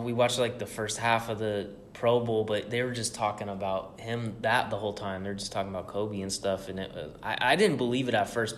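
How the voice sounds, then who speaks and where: A man's voice: fairly low pitch, a little hiss or hum. A young man co-hosting a podcast, telling stories in a loose, rambling way with plenty of swearing. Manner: loose, profane, rambling storytelling. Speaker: podcast co-host. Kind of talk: casual chat.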